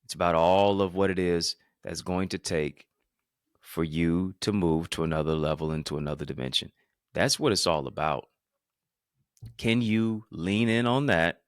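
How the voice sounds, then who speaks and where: A man giving an energetic motivational talk to a live-stream audience, emphatic and repetitive, calling on listeners to answer in the chat. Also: sits low, normal speed, no room sound, studio quality. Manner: emphatic and repetitive, punching key phrases; calls on listeners to respond in the chat. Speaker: motivational speaker and podcast host.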